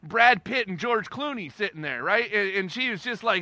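A man preaching a sermon with a high, gravelly, piercingly bright voice. He talks to the congregation in a loose, emphatic way, repeating phrases and moving between hushed and loud passages. The sound is dry and close. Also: expressive, moderate pace, hardly any pauses, no echo. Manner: conversational and emphatic, repeating phrases for stress, with wide swings in loudness. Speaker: pastor.

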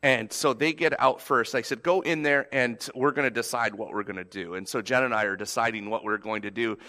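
A man in his thirties preaching a sermon in a lively, conversational way, telling a family story with quick restarts. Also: mid-range voice. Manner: animated, conversational, repeats starts. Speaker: pastor.

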